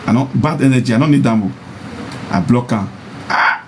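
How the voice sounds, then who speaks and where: A man with a Nigerian Pidgin accent preaching about marriage to men in a monologue. He repeats his points and rises into high mocking taunts. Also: animated, fast talker, slight background noise. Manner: insistent and repetitive, mocking, rising to high taunts. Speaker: social media personality.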